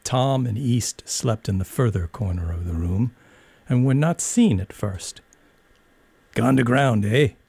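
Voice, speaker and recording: A man reading a story aloud in a measured, expressive narrating voice. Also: fairly low pitch, slightly rough, no echo.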